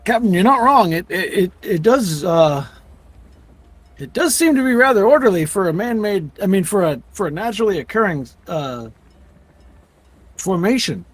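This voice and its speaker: A man's voice: sits high, very animated, breathy edge, voice pushed up, exaggerated voice. A man voicing a sailor diver who stumbles over his words while reporting to his captain. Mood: puzzled. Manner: halting, fumbling for words.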